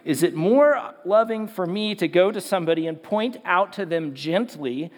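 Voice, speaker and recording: Youth preacher, male, high tenor voice, chatty storyteller, hall echo behind him. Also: animated, moderate pace. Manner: conversational storytelling, acts out quotes. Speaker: youth pastor. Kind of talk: sermon to young people. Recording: long hall reverb.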